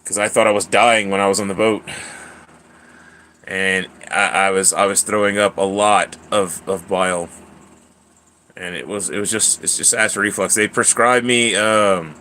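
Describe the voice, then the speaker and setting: A man's voice: lowish voice, steady tone, moderate pace, sharp tone, a little hiss or hum. A man in his thirties hosting a casual livestream, rambling and chatty as he answers viewers by name. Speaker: livestream host.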